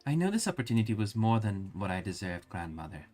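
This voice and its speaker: A man voicing a gentle, courteous young nobleman. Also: on the low side, big pitch swings, fast, soft background music.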